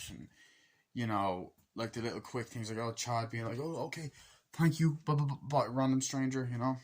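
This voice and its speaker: A man with a fairly low voice talks through a film review in a loose, rambling way. He swears freely and keeps slipping into bits of acted-out dialogue. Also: fairly bright tone. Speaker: movie reviewer. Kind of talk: casual rambling movie review.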